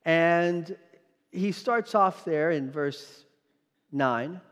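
Speaking very slowly and smoothly, a man with a fairly high-pitched voice preaches a sermon. He's emphatic and quizzes the congregation with rhetorical questions. The church sanctuary gives the recording a long hall reverb.

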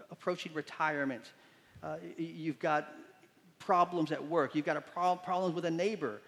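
A man preaching to his congregation in a sanctuary with a long, ringing reverb. His voice sits a little higher than most men's, and he brings his stories to life by acting out the people in them. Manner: animated storytelling, acts out quotes with voices. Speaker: pastor. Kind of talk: sermon. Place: church sanctuary.

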